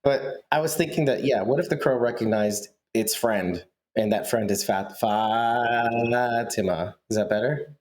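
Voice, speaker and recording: A man's voice: fairly low pitch, moderate pace, few pauses, a little mellow. A man co-hosting a podcast in casual chat, talking in a teasing, playful way. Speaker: podcast co-host.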